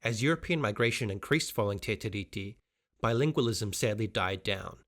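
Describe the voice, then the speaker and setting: Low-voiced New Zealand male narrator. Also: brisk. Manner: clear, steady explainer delivery. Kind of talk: scripted narration.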